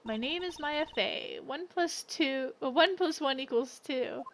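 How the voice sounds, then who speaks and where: A woman's voice: high voice, unhurried, fairly bright tone, a little hiss or hum. A woman reading a flustered young witness. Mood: nervous. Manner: flustered, stammering. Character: young female spirit-medium witness, flustered. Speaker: game reader. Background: game music.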